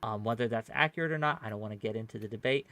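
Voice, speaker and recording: A man with a lowish, fairly bright voice talks rapid-fire as he hosts a debate panel. He argues his point at length in a casual way, full of fillers, restarts and rhetorical "right?" tags.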